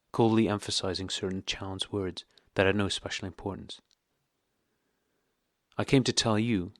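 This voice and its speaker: A man narrating an audiobook of a classic novel in a measured, steady reading. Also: deep voice, no echo, studio quality.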